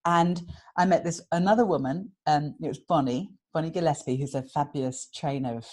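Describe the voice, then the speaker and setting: A woman's voice: sits low, brisk. A British woman from England, a guest author, telling stories in a casual interview, laughing often and acting out what people said. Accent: British English. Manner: animated, laughs often, acts out quotes.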